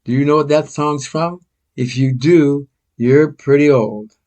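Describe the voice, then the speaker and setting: A man's voice: a little high, fairly even intonation, unhurried, darkish tone. An older man from the United States telling rambling personal stories in a casual, self-mocking way. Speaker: storyteller.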